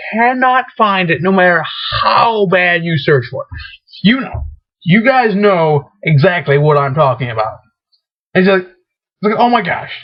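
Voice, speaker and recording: A young man rambling in a casual vlog, excitable and full of restarts, often acting out his own panicked rants. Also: sits high. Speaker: vlogger. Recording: dull lo-fi webcam audio.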